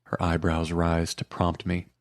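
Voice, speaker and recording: A man narrating a first-person romance audiobook in a quiet, intimate and measured way. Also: low-pitched, completely flat delivery, dry recording, studio quality.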